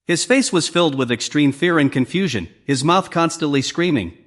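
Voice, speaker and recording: A man's voice: on the high side, animated, brisk, hardly any pauses, fairly bright tone. A man narrating a comic story recap, reading all the characters' lines in his own voice.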